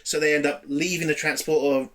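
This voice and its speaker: A man's voice: fairly high pitch, flat delivery, a little fast, a bit bright. A man giving a casual spoken review of a TV episode, blunt and exasperated, swearing freely.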